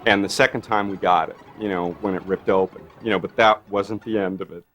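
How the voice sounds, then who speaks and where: A man recalling a production story in an interview, animated, with many fillers. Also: fairly low pitch, a little fast. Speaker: makeup effects artist. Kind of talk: anecdotal interview. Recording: light music underneath.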